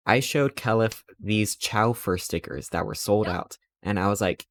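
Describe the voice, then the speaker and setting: A man's voice: low voice, fairly even intonation, moderate pace, few pauses, slight background noise. A man streaming live, telling stories in a rambling, playful way and acting out quotes. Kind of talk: casual chat while streaming.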